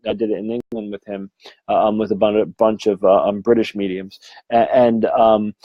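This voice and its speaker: A man's voice: mid-range voice, darkish tone, no room sound, dull audio. Frank, rambling man with fillers. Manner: rambling, frank, swears freely, many fillers. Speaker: medium and mentor. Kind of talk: casual live-stream talk.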